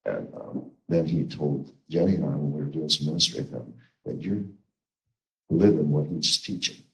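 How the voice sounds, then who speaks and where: A man's voice: very deep voice, moderate pace, vocal fry, echoey room, low-quality recording. A man from the congregation giving a hesitant spoken testimony, often restarting his sentences. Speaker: congregation member sharing testimony.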